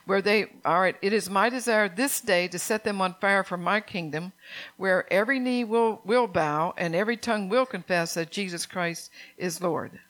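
A woman's voice: mid-range voice, normal speed, a bit bright. An older woman preaching an earnest sermon, reading scripture aloud and asking her congregation questions.

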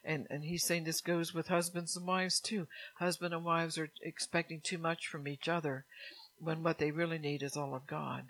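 A woman's voice: sits low, level tone, normal speed, a bit bright, poor audio. A woman preaching a sermon to her congregation, earnest and repetitive, with frequent laughs.

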